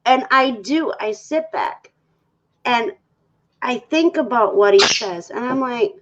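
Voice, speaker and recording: Slow-talking woman telling a personal story. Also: on the high side, noisy background. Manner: candid, animated storytelling that acts out her own past quotes. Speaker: guest. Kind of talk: casual talk show conversation. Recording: dull lo-fi sound.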